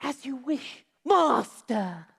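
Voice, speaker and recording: Actress as Igor: sly, eager stage servant, unhurried, higher voice, live band in background. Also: female voice, big pitch swings, gravelly, slightly rough, heavily acted. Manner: sly, chummy, sing-song. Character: eager bug-eyed male servant Igor. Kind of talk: stage musical acting. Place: theatre stage.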